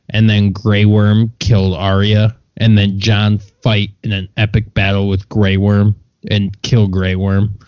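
A man's voice: lowish voice, a little mellow, no echo, muffled recording. A man co-hosting a podcast, ranting bluntly and with lots of swearing in casual chat. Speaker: podcast co-host.

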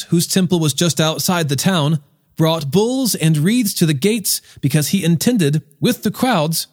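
Male scripture reader, fairly high voice, measured and expressive. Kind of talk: Bible reading.

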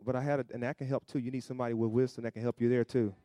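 A man's voice: little pitch movement, rapid-fire, no room sound, clean studio sound. Man preaching with call-and-response. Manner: call-and-response preaching, rising to loud emphatic peaks then dropping low; acts out quoted voices in asides. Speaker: pastor. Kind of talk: sermon.

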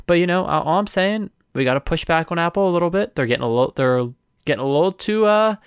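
A man's voice: fairly high pitch, lively intonation, fast, clean tone, dry recording. A man co-hosting a casual podcast, chatty, leading the segment questions. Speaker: podcast co-host. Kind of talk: casual sports podcast chat.

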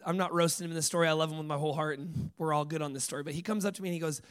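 A man preaching a sermon, telling stories with lively acted-out dialogue, dropping to hushed lines and rising to loud bursts. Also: fairly high pitch, rapid-fire, clear, resonant tone. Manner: animated storytelling, acts out dialogue, swings from hushed to loud.

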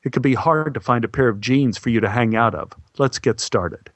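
A man's voice: medium pitch, moderate pace, dry recording, lightly acted. A man voicing a fussy, blunt male costume designer who talks in an offhand murmur.

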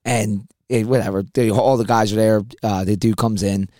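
A man's voice: on the low side, fairly even intonation, normal speed, warm tone, dry recording, clean studio sound. A middle-aged man telling bar stories on a podcast in a casual, rambling way, often laughing mid-sentence. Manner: laughs through his own stories, rambling restarts. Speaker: podcast co-host. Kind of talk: casual storytelling chat.

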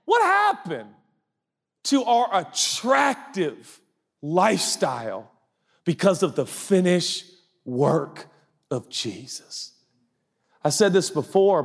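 Brief: male pastor preaching, lively swooping delivery, high voice. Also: gravelly, slightly rough. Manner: animated, joking, rhetorical questions. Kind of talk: sermon.

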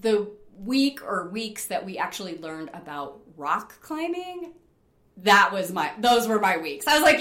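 A middle-aged woman from upstate New York telling stories in a casual interview, animated, laughing often and using lots of fillers. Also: mid-range voice, normal speed, reverberant. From Rochester, New York. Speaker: interview guest, rock climber.

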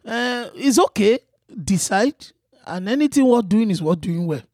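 A man with a high-pitched, expressive, slightly mellow voice impersonates a preachy Yoruba man, speaking Yoruba-accented English and lecturing about hard work. The exaggerated, drawling character stretches out "eh" fillers and mixes in Yoruba phrases. The studio-quality recording has no echo.

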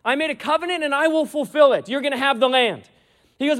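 A male preacher with a strikingly high voice delivers an animated sermon. He retells scripture as lively dialogue, voicing each exchange and leaning hard on key lines. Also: a little fast. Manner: animated storytelling, acting out dialogue, emphatic.

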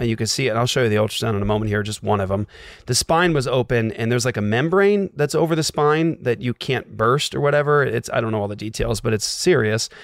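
A man sharing a personal faith testimony, acting out the dialogue and dropping to a hush at tense moments. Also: mid-range voice, no room sound, studio quality. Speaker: guest telling a personal story.

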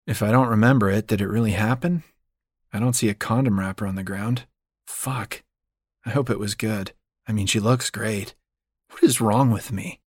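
A man's voice: fairly low pitch, fairly even intonation, brisk, no room sound, clean studio sound. A man reading a first-person audiobook in a wry, self-mocking storytelling manner. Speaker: audiobook narrator.

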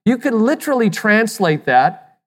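A pastor delivers a sermon in a middle-pitched voice, pressing points home with rhetorical questions and the odd repeated word. The sound rings with the long reverb of a large hall. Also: sing-song, normal speed. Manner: emphatic, asks the listeners rhetorical questions; repeats words when restarting.

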